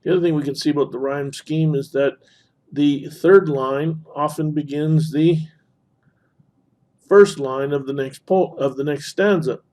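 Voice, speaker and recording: The instructor, a man with a slightly high, darkish voice, keeps a steady tone and measured pace through a screen-recorded literature lesson. He annotates as he explains, often using fillers and self-corrections.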